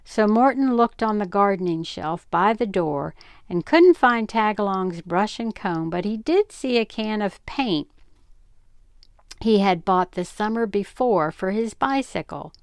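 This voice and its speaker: An older woman reads a children's story aloud at a calm, measured pace. Her voice is smooth and resonant with a gravelly edge, and the recording is dry and close. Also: mid-range voice, dry recording. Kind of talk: reading a children's book aloud.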